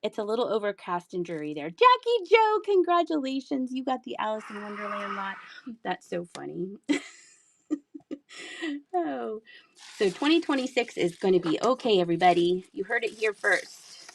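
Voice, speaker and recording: Very animated and creaky, this medium-pitched voice belongs to a live auction seller in her thirties who talks with viewers at a moderate pace. She laughs a lot while selling items, and there's a little hiss or hum.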